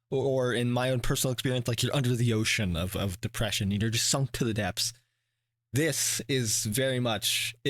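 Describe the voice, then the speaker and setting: A man hosting a reaction video, talking in a casual, rambling way with many restarts and fillers, and swearing when he gets animated. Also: mid-range voice, no room sound, clean studio sound. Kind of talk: casual reflective commentary.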